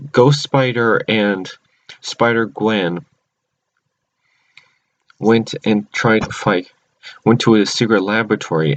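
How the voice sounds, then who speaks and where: A man casually recapping a cartoon episode at home, rambling with many restarts and self-corrections. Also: on the low side. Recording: dull lo-fi recording.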